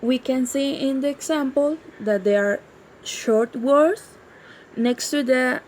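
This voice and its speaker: A woman's voice: sits high, slow pace, a little mellow, a little hiss or hum, rough recording. A woman giving a class presentation on teaching, in a hesitant way and repeating words as she goes.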